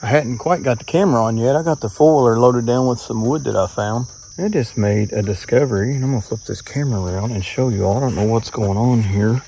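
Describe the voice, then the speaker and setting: A man's voice: medium pitch, brisk, hardly any pauses, mellow, a little hiss or hum. Folksy man vlogging in the woods. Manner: folksy, chatty, talks to viewers as y'all. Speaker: outdoor vlogger. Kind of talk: casual camping vlog narration. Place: outdoors in the woods at a campsite.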